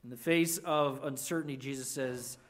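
A pastor preaching a sermon, swinging between loud emphasis and hushed, low lines, with emphatic repeated restarts. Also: fairly even intonation, moderate pace.

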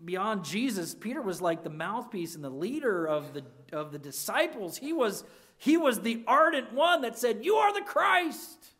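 A pastor preaching a sermon, swinging between loud emphasis and hushed, low lines, with emphatic repeated restarts. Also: very animated, moderate pace.

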